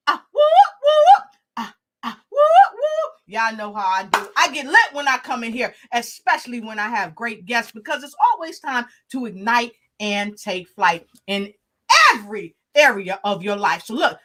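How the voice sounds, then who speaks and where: A woman hosting an online talk show, hyping viewers with playful call-outs and repeated chants. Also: medium pitch. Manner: animated, hypes the audience, chanting and call-outs. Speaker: host.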